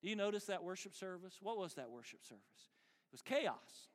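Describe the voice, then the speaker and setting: High-voiced preacher in a reverberant hall. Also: male voice, brisk. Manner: animated, emphatic preaching with dry humor. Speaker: pastor. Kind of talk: sermon. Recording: long reverb of a large hall.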